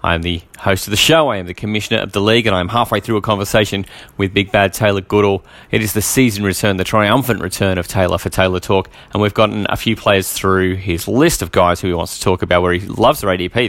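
A man's voice: low voice, a bit bright, no room sound. A man with an Australian accent hosting a podcast, talking in a casual, upbeat way. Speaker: podcast host.

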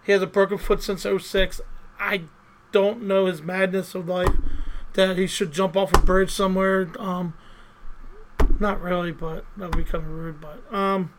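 High-voiced rambling man telling stories. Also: normal speed, background noise. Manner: rambling, animated storyteller with many fillers. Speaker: podcast co-host. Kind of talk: casual chat.

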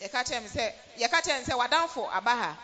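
A woman interpreting a sermon live, quickly echoing each phrase after the preacher. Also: fairly high pitch, lively intonation, bright, forceful tone.

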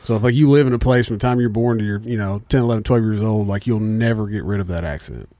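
A man's voice: on the low side, fast, dark tone, no room sound. A man with an Indiana accent hosting a podcast in a studio, chatting loosely and swearing freely. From Indianapolis area, USA. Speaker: podcast host. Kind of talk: casual chat.

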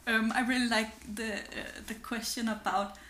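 A woman co-hosting a podcast, animated and laughing often. Her voice is bright and sits a little high. Her mic picks up an echoey room. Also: normal speed. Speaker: podcast co-host. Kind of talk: casual podcast chat.

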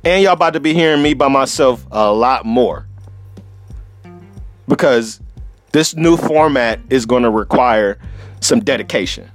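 A man's voice: medium pitch, lively intonation, measured pace, long pauses, soft background music. A man hosting a solo podcast, telling a travel story in a profane, laughing, casual way. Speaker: podcast host.

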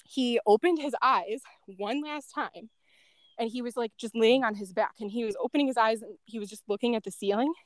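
A woman's voice: fairly high pitch, brisk, no echo. A woman being interviewed, telling a story casually, with lots of "like" and "um" and small laughs between thoughts. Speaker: guest, former end-of-life caregiver.

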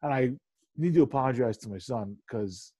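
A man in his thirties co-hosting a casual sports chat, rambling and animated, swearing freely and laughing often. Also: medium pitch, moderate pace, husky. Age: 30s. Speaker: podcast co-host.

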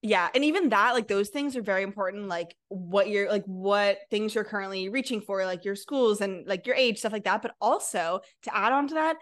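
Young female co-host, mid-pitched, earnest and rambling, casual talk. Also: brisk, hardly any pauses. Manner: earnest, filler-heavy, lots of "like". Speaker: podcast co-host. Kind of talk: casual chat.

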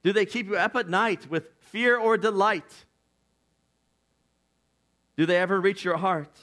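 Male pastor preaching with an earnest, conversational delivery and a fairly high, forceful voice. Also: a little slow. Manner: impassioned, swings from loud to hushed; earnest and conversational, with "like" and "you know". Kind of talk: sermon.

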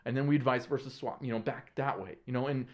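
An earnest man chats casually as a podcast guest, telling stories in a lively way. His voice sits in a middle pitch. He talks in loose, slangy phrases and often stops and restarts his sentences. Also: fast talker. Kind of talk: casual conversational storytelling.

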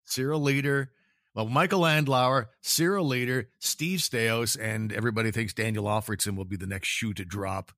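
A man's voice: medium pitch, normal speed, a bit bright, no echo, clean studio sound. A man hosting a casual sports talk podcast, chatting and joking with sarcastic banter. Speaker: podcast host.

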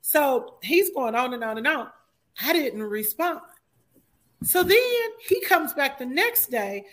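A woman's voice: sits high, big pitch swings, a little slow, fairly bright tone. A woman co-hosting a podcast, telling dramatic stories in casual chat and acting out what people said. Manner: dramatic storyteller, acts out quotes. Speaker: podcast co-host.

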